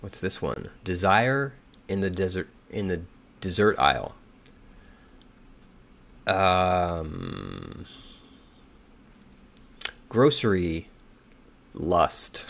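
Slow, gravelly man muttering through a puzzle. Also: sits low, big pitch swings, fairly bright tone. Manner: muttering, hesitant, reads clues aloud and second-guesses. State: slightly hoarse. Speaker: crossword solver. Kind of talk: thinking aloud while solving.

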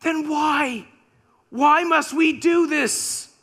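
A preacher plays a desperate young man in a high, pleading voice. The questions come out slow and bright. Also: gravelly, big-room sound, exaggerated voice.

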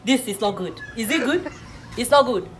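A woman's voice: fairly high pitch, lively intonation, normal speed. A woman playing a teacher in a comedy classroom sketch, lecturing preachily and laughing often. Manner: preachy, mock-serious lecturing with frequent laughs.

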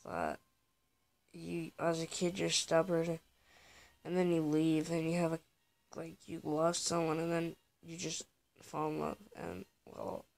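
A man's voice: on the high side, creaky. A man giving casual gameplay commentary, talking to his viewers in a rambling, heartfelt way. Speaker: gaming video creator.

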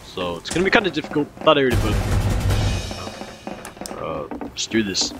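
A man's voice: lowish voice, sing-song, a little fast, music in the background. Rambling young man narrating gameplay. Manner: rambling, repeats himself, startled outbursts. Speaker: gaming commentator. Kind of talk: casual gameplay commentary.

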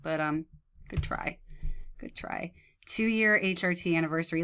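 A woman's voice: fairly low pitch, a little slow, pauses often, pushed and bright, clear, resonant tone. A woman in her thirties giving mocking, sarcastic reaction commentary, often breaking into laughs. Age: 30s.

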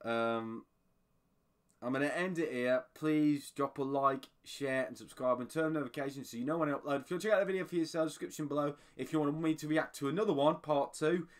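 A man casually commenting on a video he just watched, excitable and rambling. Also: on the high side, fairly quick. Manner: excitable, rambling, breaks into laughter. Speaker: video reactor.

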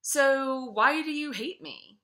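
A woman's voice: sits high, slow, fairly bright tone, voice pushed up, full character voice. A woman reading aloud and voicing an exasperated, defensive young male French revenant in a storybook reading. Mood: indignant.

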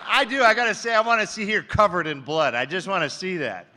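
A man's voice: high-pitched, sing-song, quick pace, background noise. A man on a convention panel, joking with the crowd in a crass, boisterous way, teasing and mock-insulting them. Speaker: panelist, film producer. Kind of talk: brash comic convention banter. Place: large convention hall, live panel. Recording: echoey convention hall with faint ambience.

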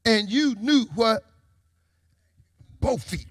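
A male pastor, preaching a sermon in a call-and-response style that rises to shouts. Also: extremely high pitch, drawn-out words, no echo.

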